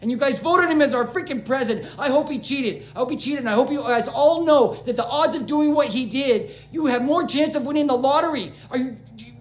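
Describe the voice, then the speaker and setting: A woman's voice: high voice, fairly quick. A woman vlogger ranting to camera in a rambling, agitated way, restarting sentences, swearing and apologizing to her viewers. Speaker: small-channel vlogger. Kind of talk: unscripted rant to camera. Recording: roomy echo.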